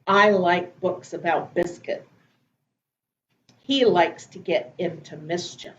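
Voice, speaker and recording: A woman teacher reading picture books and poems aloud to preschoolers in a slow, gentle, sing-song way. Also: fairly low pitch, reverberant, highs cut off. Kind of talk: children's storytime reading.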